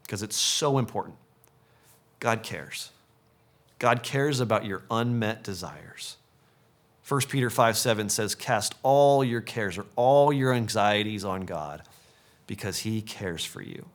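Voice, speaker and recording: A man's voice: animated, measured pace. Earnest man preaching a sermon. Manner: earnest, repeats short punchy phrases, drops to a soft low voice on key points. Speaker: pastor.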